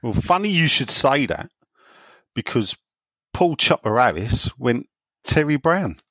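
A man's voice: medium pitch, very animated, measured pace, fairly bright tone, no room sound. A man co-hosting a casual podcast, reading listener questions aloud and joking around with his co-host. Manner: jokey, banters and reads messages aloud. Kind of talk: casual chat.

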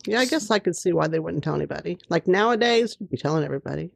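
A woman's voice: lowish voice, animated, rapid-fire, gravelly, breathy edge, dry recording. A woman co-hosting a podcast, reacting with playful quips in casual chat. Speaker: podcast co-host.

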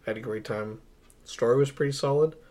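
A young man co-hosts a podcast, chatting casually and enthusiastically about a movie while rambling and laughing often. His voice is medium-pitched and warm, and he talks briskly.

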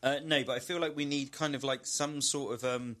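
A man's voice: mid-range voice, steady tone, a little fast, fairly bright tone. A man co-hosting a podcast, chatting casually and joking, often slipping into silly voices. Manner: jokey, slips into silly put-on voices. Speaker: podcast co-host. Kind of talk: casual comedic chat.

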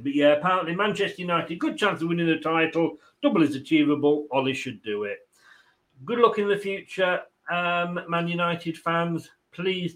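A man's voice: fairly high pitch, a bit bright. A man hosting a casual football chat, reading viewer comments, chatty and rambling, laughing often. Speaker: football channel host.

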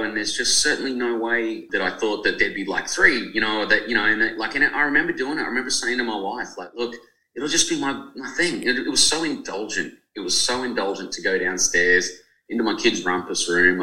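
Forties male author, deep voice, talks in heartfelt run-on bursts, echoey room. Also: brisk, sharp tone. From Australia. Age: 40s. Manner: rambling, emotional, lots of fillers and restarts. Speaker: author and journalist. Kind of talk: podcast interview.

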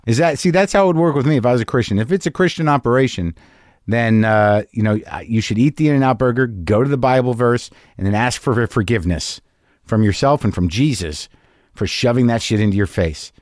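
A man talks straight into a close studio mic, his voice dry and unreverberant, set at a middling pitch for a man. He rambles through a solo podcast opening, wry and self-mocking, swearing easily as he goes. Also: brisk, a little mellow, no room sound. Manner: wry, self-deprecating, profane. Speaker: podcast host. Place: home garage studio.

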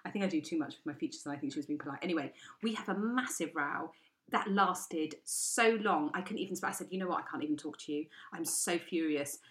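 A middle-aged woman tells a comic story in casual chat. Her delivery is animated and exasperated, and she acts out everyone else in it with gusto. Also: low voice, quick pace. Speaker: podcast co-host.

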